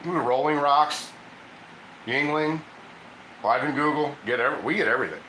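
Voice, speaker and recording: Man from Ohio, rambling livestream cook, bright voice, echoey kitchen, faint noise behind. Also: mid-range voice, moderate pace. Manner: rambling, chatty, reads viewer comments aloud. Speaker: cooking livestream host. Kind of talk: casual livestream chat while cooking.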